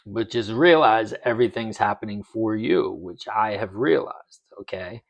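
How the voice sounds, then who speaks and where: A middle-aged man recounting a personal story in a vlog, talking in a measured way and checking in with the listener with "okay?". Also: on the low side, animated, gravelly, lo-fi sound. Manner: slow, measured, with many "okay?" check-ins. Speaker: vlogger sharing a manifesting journey. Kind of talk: reflective personal storytelling to camera.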